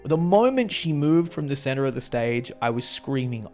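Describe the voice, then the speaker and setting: Excitable guy with a gravelly voice recapping a concert, swears a lot, faint music behind. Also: medium pitch, normal speed, few pauses. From Australia. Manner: excitable, swearing, laughing, slangy. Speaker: vlogger.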